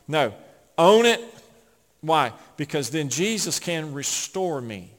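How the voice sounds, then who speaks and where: Man, pastor preaching, loud peaks then hushed asides, slightly high voice, church reverb. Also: moderate pace. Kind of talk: sermon. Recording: long hall reverb.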